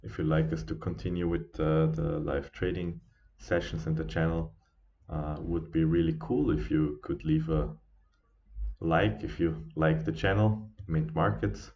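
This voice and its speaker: A tired man hosts a live trading stream in a very deep voice. He talks slowly and haltingly, with fillers and restarts. The audio is dull and lo-fi. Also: level tone. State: sleepy, yawning. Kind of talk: casual live trading commentary.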